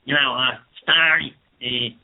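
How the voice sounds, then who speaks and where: A man's voice: medium pitch, steady tone, a little slow, creaky. A man putting on a Dublin accent to voice a male street thug who makes friendly-sounding threats. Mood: menacing. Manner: mock-friendly veiled threats. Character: menacing male Dublin street thug running a protection racket. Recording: tinny phone-like sound.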